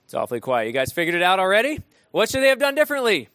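Animated high-voiced male preacher. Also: fast talker, no room sound, studio quality. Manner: animated, asks the room questions. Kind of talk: interactive sermon.

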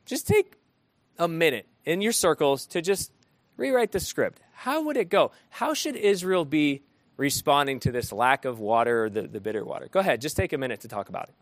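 A man preaching an interactive sermon, animated and often asking his listeners questions. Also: fairly high pitch, a little fast, no room sound. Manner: animated, asks the room questions.

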